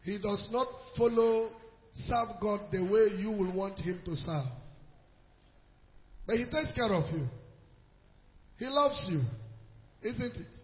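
A man preaching as a pastor, answering a question from the congregation with deliberate, emphatic scripture quotes. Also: high voice. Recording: echoey hall, dull lo-fi sound.

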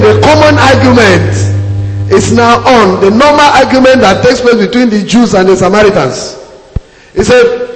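Emphatic pastor in an echoey hall. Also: male voice, very high voice. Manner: emphatic, repeats key phrases, calls on congregation. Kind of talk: sermon. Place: church hall. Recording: echoey hall with long reverb.

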